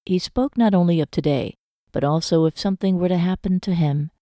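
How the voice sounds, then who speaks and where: A woman narrating a romance novel audiobook in a measured, emotive storytelling manner. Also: on the low side, warm tone, dry recording, studio quality.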